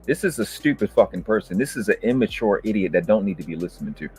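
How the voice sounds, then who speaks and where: A man hosting a debate review, ranting in heated, profane commentary that berates and swings up into shouting. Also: on the low side, expressive, fast talker, husky, soft background music.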